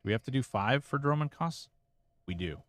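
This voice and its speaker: A man's voice: mid-range voice, animated, brisk, a bit bright. A man streaming a game and chatting casually, rambling and reacting as he plays, swearing freely into a close desk mic. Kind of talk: casual live-stream gameplay commentary.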